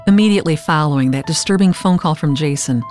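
A woman narrating a documentary from a script, with a measured, earnest delivery. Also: sits low, a little mellow, faint music behind.

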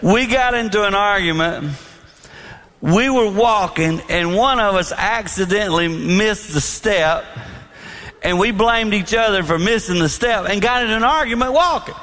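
A man preaching a sermon on marriage, telling personal stories in a lively, confessional way. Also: high voice, moderate pace. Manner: animated storytelling, confessional. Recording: long reverb in a large hall.

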